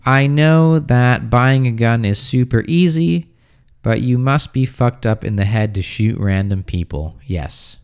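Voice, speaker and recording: An easygoing young American man talks through viewer questions on a livestream, pausing and restarting as he thinks. His voice sits at an ordinary middle pitch, and he speaks loosely and conversationally. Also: smooth. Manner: relaxed, reads comments aloud then answers with many fillers and restarts. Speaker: livestream host, English teacher. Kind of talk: casual livestream chat answering viewer comments.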